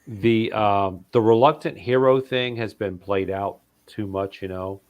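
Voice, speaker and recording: Brief: low-pitched man, loose chatty podcast voice, lots of ums. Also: unhurried, lo-fi sound. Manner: rambling, trails off with fillers. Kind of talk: casual chat.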